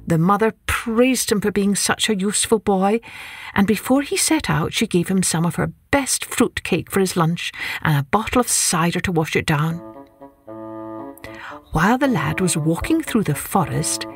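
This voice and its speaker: A woman telling stories for children, reading in a gentle, expressive and unhurried way as host. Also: mid-range voice, breathy edge, faint music behind. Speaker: children's storyteller. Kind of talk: children's storytelling.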